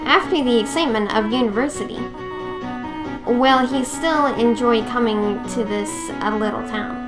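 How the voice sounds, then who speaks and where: A woman voicing a gentle, motherly goat woman in a game, sweet and fond. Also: on the high side, normal speed, music in the background, close to an everyday voice.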